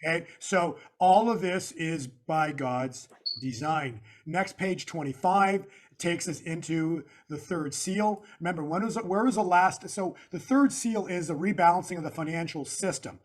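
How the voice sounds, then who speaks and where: This somewhat high-voiced man, appearing as a guest analyst, moves through his slides point by point at a slightly slow pace with barely a pause. His style is emphatic and sermon-like, hitting key words and repeating phrases.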